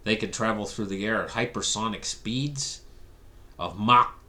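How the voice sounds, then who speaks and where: Male commentator, animated storyteller, bright edge, sarcastic rant. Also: lowish voice, measured pace. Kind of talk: ranting monologue.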